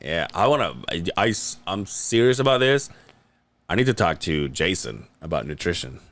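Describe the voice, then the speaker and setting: A man's voice: sits low, normal speed. A man in his late thirties co-hosting a podcast, telling stories in a casual, swearing way. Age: 30s. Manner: animated, swearing, laughing storyteller. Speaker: podcast co-host. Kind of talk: casual chat.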